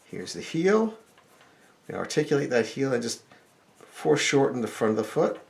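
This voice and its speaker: A middle-aged man teaching drawing step by step, talking in a relaxed, explanatory way as he sketches. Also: mid-range voice, normal speed, vocal fry. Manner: relaxed explanatory, thinking aloud while sketching. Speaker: drawing instructor.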